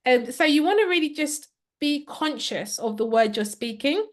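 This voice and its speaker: A woman giving a live online customer service training. She talks in a clear, upbeat way and asks the audience questions. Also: high voice, expressive, normal speed.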